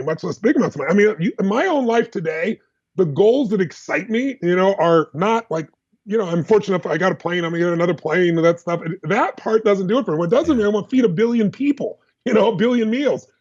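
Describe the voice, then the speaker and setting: A man as a podcast guest, telling personal stories in an animated, emphatic, fast-flowing way. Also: sits high, slightly rough, muffled recording. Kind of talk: energetic personal storytelling.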